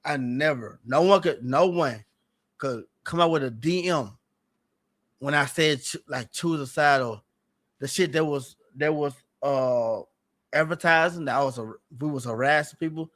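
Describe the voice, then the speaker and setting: A man's voice: on the high side, measured pace, fairly bright tone. A man talking casually on a livestream, rambling and repeating himself in an earnest, aggrieved way. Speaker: streamer guest.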